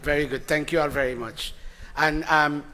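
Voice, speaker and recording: Man, temple leader, bright forceful tone, playful teasing sermon style. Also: a little high, moderate pace. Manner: animated, playful, calls people up by name. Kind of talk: informal sermon to congregation. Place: temple hall before congregation.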